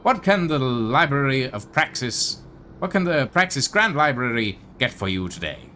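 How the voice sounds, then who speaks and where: A man's voice: medium pitch, sing-song, moderate pace, pushed and bright, a little hiss or hum, pitched above the performer's own voice. A man voicing a cheerful male holographic librarian with a chirpy, upbeat greeting manner. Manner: chirpy, upbeat customer-service tone.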